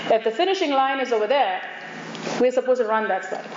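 A woman's voice: on the high side, animated, brisk. A woman preaching a sermon. She asks the audience questions and acts out the voices she quotes. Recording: echoey room, dull lo-fi sound with noise.

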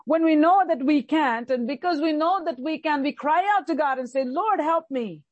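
A woman's voice: sits high, brisk, a little mellow, no room sound, highs cut off. A woman preacher delivering a fervent sermon, repeating key lines for emphasis.

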